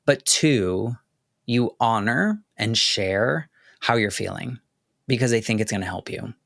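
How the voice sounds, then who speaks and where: A man hosting a podcast, speaking candidly and haltingly about a painful loss, choking up at times. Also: fairly low pitch, animated, gravelly, a bit bright, no echo, studio quality. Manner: candid, halting, with many restarts and "like" fillers. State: choking up with emotion. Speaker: podcast host. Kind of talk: personal reflective monologue.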